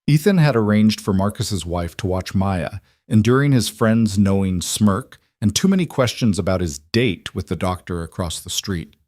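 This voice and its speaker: Brief: male storyteller, low, measured, dry close mic. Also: animated, a little mellow, no room sound. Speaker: narrator. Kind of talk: scripted story narration.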